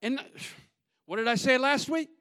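Pastor, male, high tenor, dry close sound, preaches in surges, shouts the peaks, mutters the asides. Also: normal speed, no echo. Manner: builds to shouting peaks, drops to low asides; folksy, repetitive, call-and-response. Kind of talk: sermon.

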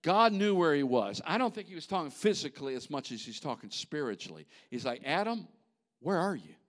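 A man preaches a sermon in an animated, conversational style, tossing asides to the congregation. His voice sits on the high side and moves a little fast.

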